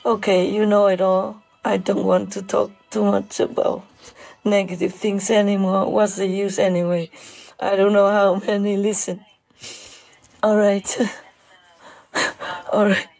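A woman giving an emotional spiritual talk, halting and tearful, with her throat choked up and many pauses. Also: mid-range voice, level tone, creaky, darkish tone, rough recording.

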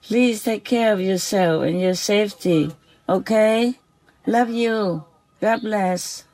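A spiritual vlogger speaking gently at night to an unseen animal, softly giving blessings and often asking "okay?", then calmly recounting their day. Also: mid-range voice, rough recording. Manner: soft, slow, affectionate blessings with repeated "okay?".

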